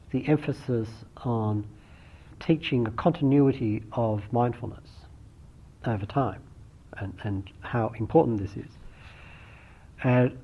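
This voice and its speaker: A man giving a thoughtful, unhurried dharma talk as a meditation teacher, often restarting his phrases. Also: mid-range voice, husky. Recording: dull lo-fi recording.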